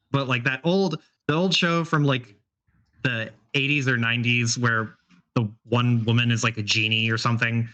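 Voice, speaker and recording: A man's voice: medium pitch, bright, forceful tone, lo-fi sound. A man narrating as game master in a tabletop game, talking in a rambling, hesitant way. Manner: rambling, hesitant, full of fillers.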